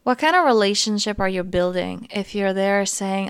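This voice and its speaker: Gentle, earnest woman podcast coach. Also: mid-range voice, normal speed, few pauses, clear, resonant tone, dry recording. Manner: gentle, earnest, talks through examples. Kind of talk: casual self-help monologue.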